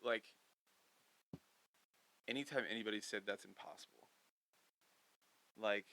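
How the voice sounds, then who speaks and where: A young man from Missouri, a podcast guest, telling stories in animated, swearing casual chat. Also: medium pitch, moderate pace, low-quality recording. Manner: animated storyteller, swears freely.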